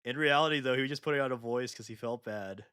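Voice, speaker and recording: A man streaming casually while he paints, joking crudely with a friend and sometimes yelling. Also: mid-range voice, fast talker, smooth, no echo. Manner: crude, joking, swings from loud outbursts to mumbling.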